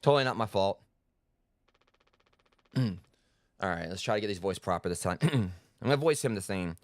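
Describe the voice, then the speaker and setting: A man's voice: lowish voice, expressive, normal speed, no echo. A man giving rambling, self-deprecating let's-play commentary as a game streamer, full of fillers and restarts.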